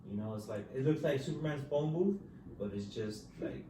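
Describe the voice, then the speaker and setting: A man hosting a podcast in loose, casual chat, swearing freely and dropping "dude" into almost every phrase. His medium-pitched voice sits well back from the mic in a roomy, echoing space. A faint hiss of ambience runs under it. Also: lively intonation, fairly quick, warm tone, distant mic. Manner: laid-back and profane, says "dude" after nearly every phrase. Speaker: podcast host telling prison stories.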